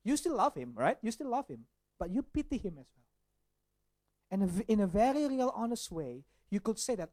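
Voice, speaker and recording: A man preaches in an animated, searching way. He leans on rhetorical questions and often restarts his sentences. The recording is dry and close, with no room sound. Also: sits high, moderate pace, no echo. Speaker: pastor. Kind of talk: sermon.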